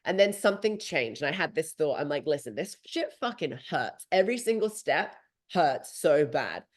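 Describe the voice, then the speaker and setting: A woman in her thirties hosting a podcast, telling a story in a lively, casual way and swearing freely. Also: low voice, moderate pace. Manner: animated, swearing freely, acting out her own thoughts. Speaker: podcast host.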